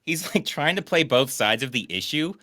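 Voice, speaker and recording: Young man, sarcastic movie riffing, lively up-and-down pitch, bright voice, dry close sound. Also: moderate pace, no echo. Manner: sarcastic, mocking, animated. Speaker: co-host reviewing a bad movie. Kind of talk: casual comedic commentary.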